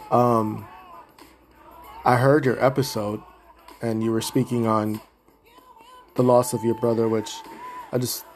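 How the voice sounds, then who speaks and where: A Puerto Rican man hosting a podcast, talking casually and from the heart, rambling at times as he gives shout-outs. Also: medium pitch, fairly even intonation, takes it slowly, pauses often, slight background noise. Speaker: podcast host.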